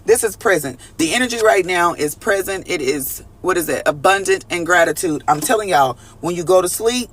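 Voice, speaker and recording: A man with a high voice reads tarot for his viewers, talking loosely and swearing freely. He keeps calling out to them as y'all and answers their chat comments as he goes. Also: lively intonation, a little fast, hardly any pauses, fairly bright tone. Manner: casual, profane, chatty, calls viewers y'all. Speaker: tarot reader. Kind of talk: live collective tarot reading.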